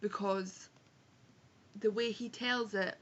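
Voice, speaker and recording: This book vlogger is a young Scottish woman with an Edinburgh accent, speaking slowly in a mid-range, fairly bright voice with a steady tone. She talks frankly about books, swears, and corrects herself. The audio is muffled, recorded in a room at home while it rains.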